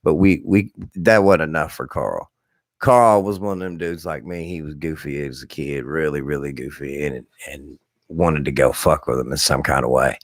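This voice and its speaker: A man in his thirties with a very deep voice, slightly hoarse, tells loose stories to his live stream viewers. He talks bluntly and profanely, with lots of animation. The sound is close and dry, with no room around it. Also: moderate pace, dry recording. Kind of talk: rambling casual storytelling.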